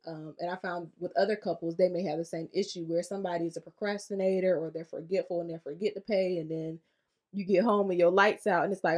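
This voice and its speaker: A woman's voice: fairly low pitch, steady tone, brisk, a little mellow. A woman co-hosting a casual podcast chat, speaking candidly and thoughtfully with easy laughter. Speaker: podcast co-host.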